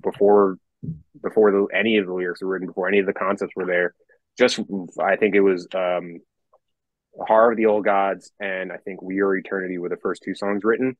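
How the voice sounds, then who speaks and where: A man's voice: deep voice, flat delivery, fairly quick, dry recording, narrow, tinny audio. A young man, a metal songwriter, talking casually on a podcast, rambling with many restarts and casual swearing.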